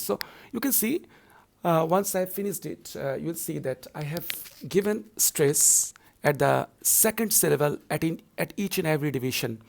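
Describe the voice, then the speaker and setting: A man's voice: fairly high pitch, animated, normal speed, gravelly. A male university lecturer explaining poetry scansion to students in a repetitive, explanatory way, with frequent filler words.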